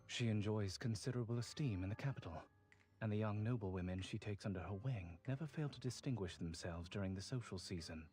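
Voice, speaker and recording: A man's voice: on the low side, warm tone, faint music behind, close to an everyday voice. An actor with a British accent playing a stiff, formal, wealthy young nobleman in a story game. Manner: formal, measured and aloof.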